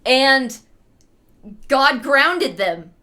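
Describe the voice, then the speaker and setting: A woman's voice: high-pitched, big pitch swings, very slow, sharp tone. A young woman casually retelling an old story with sarcastic, playful asides, as a streamer.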